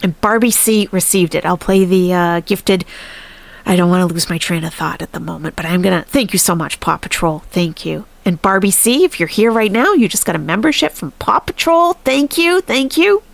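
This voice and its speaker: A woman's voice: fairly low pitch, expressive, normal speed, vocal fry. A woman hosting a live stream, chatting casually and animatedly, laughing often and thanking viewers.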